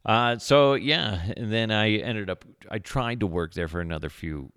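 A man hosting a podcast with a low, gravelly voice full of vocal fry. He rambles through stories with crude jokes and plenty of fillers. The sound is dry and close to the mic. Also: moderate pace, fairly bright tone, no room sound. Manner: jokey, rambling, crude humor, frequent fillers. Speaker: podcast host. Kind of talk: casual rambling storytelling monologue.

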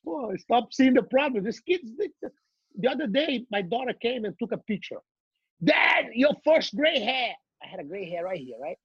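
Brazilian guy, middle-aged, husky voice, rambling funny stories, kinda dull dry sound. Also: high-pitched, fairly quick, no echo. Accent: Brazilian Portuguese. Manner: animated, laughing, repeats words while telling stories. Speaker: guest. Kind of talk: casual storytelling.

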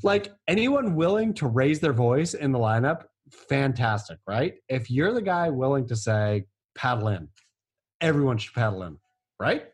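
Co-host, man, husky voice, pitch swings widely, emphatic and joking. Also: very animated, moderate pace. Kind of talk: casual chat.

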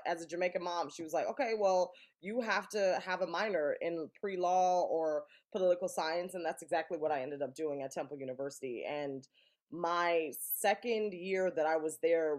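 A woman guest on a podcast telling lively stories about her life, laughing often and acting out what others said. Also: fairly low pitch. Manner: animated, laughs often, acts out quotes. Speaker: guest actor. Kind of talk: casual interview storytelling.

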